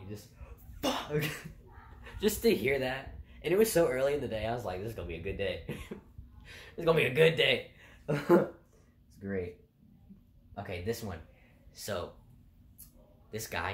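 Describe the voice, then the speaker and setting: A young man vlogging, telling stories from his job casually, laughing often and swearing freely. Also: on the low side. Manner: laughing, animated and profane. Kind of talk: casual storytelling. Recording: roomy with faint background noise.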